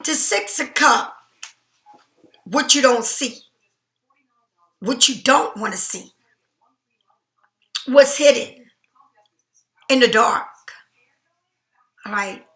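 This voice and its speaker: Woman w/ doing a tarot reading, high bright voice, keeps saying right?, echoey room. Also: drawn-out words, pauses often. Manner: chatty, emphatic, keeps asking "right?" and "all right?". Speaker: tarot card reader.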